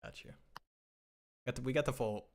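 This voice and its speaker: A man's voice: medium pitch, moderate pace, gravelly. A man co-hosting a live fantasy football stream, joking and laughing at his own lines with rambling asides, recorded at a home setup on a desk mic. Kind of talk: casual live-stream chat.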